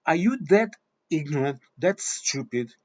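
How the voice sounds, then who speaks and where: A man's voice: fairly high pitch, animated, a little slow, darkish tone. Blunt, swearing man on a dull recording. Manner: blunt, swearing, repeats himself. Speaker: vlogger. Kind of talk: opinion monologue.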